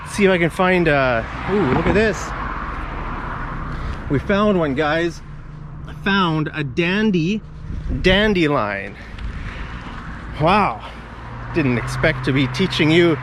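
A man's voice: high-pitched, noisy background. A man giving a rambling, off-the-cuff vocabulary lesson while walking outdoors with a camera. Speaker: English teacher. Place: outdoors on residential streets. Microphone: handheld camera while walking.

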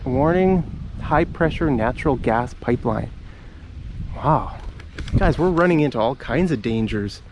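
A man's voice: mid-range voice, slight background noise. A man recording a casual walking vlog outdoors for his English learners, talking in a chatty, rambling way and a bit out of breath. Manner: chatty, rambling, friendly to viewers. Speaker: English teacher YouTuber. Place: outdoors on a forest path.

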